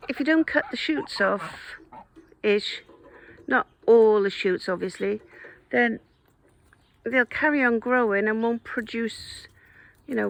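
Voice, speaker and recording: A woman chatting casually to her geese and the camera while working outdoors in a garden, filmed on a phone. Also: vocal fry. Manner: chatty, teasing the geese in a high singsong. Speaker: smallholder vlogger. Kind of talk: casual chat to animals and camera. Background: geese honking.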